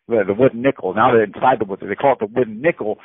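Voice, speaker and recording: A man telling a story from prison over the phone in a rambling, animated way, saying "bro" again and again and repeating himself. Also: on the low side, quick pace, a little hiss or hum. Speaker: incarcerated storyteller. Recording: tinny phone line.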